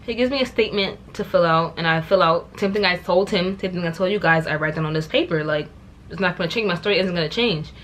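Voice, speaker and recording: Animated young New woman telling a story. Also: fairly low pitch, fast, a little hiss or hum. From New York. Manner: animated, exasperated, repeats words for emphasis. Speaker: vlogger. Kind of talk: casual storytime.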